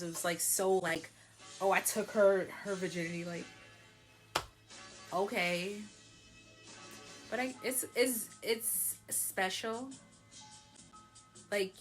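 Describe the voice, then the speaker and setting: Her medium-pitched voice has a fairly bright tone as this young vlogger relates something from her own life. A little tipsy on wine, she's relaxed and talkative, peppering her speech with "like" and frequent laughter.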